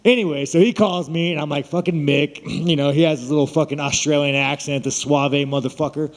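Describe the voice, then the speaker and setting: Profane, mocking fighter in a reverberant hall. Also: male voice, a little high, fairly even intonation, a little fast. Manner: blunt, swearing, mocking. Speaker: fighter at a media day. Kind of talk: profane, boastful press scrum talk. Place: large room at a media event.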